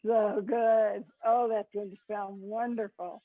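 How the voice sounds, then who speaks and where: A woman hosts a casual interview, chatting in an encouraging, enthusiastic way. Her voice sits at a middle pitch. The recording sounds dull and lo-fi. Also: flat delivery, slow pace, dry recording. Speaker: host.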